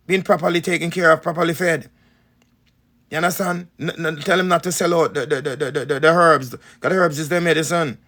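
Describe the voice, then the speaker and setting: Casting: Jamaican man, gravelly, slightly high, emphatic spiritual teacher. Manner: repetitive, emphatic, rhetorical questions. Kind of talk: preaching talk to followers.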